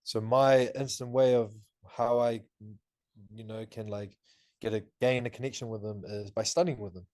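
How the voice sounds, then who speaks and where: A young man in his twenties from New Zealand, a podcast guest and student telling stories in an animated, laughing way with lots of fillers. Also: medium pitch, moderate pace, no room sound, clean studio sound. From Auckland, New Zealand. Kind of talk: casual interview talk.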